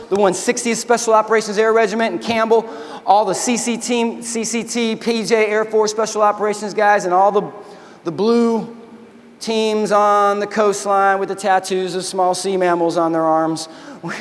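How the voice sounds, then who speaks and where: A man who is an army veteran giving a motivational keynote speech, telling animated stories and acting out dialogue. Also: high-pitched, long reverb tail. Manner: folksy, animated storytelling with quoted dialogue. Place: large convention hall.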